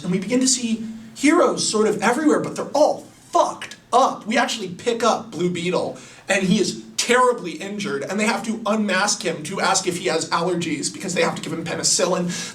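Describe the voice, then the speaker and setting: A man excitedly pitching a story in a chatty, casual way, laughing at his own ideas. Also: recorded from a distance. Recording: roomy, away from the mic.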